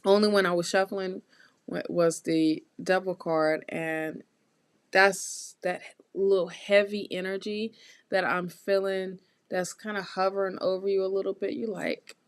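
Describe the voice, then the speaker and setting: A woman giving a live tarot reading, talking straight to her viewers in a warm, encouraging, chatty way with lots of repeats and restarts. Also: mid-range voice, steady tone, unhurried, clear, resonant tone, no room sound. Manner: loose, chatty phrasing with restarts. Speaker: tarot reader hosting a live stream.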